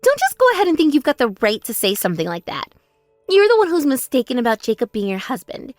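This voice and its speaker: A woman's voice: high-pitched, wildly swooping pitch, fast, no room sound, studio quality, faint music behind. A woman voicing a spoiled younger sister who boasts and mocks in a text-message story drama. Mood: indignant. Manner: mocking, taunting, gloating.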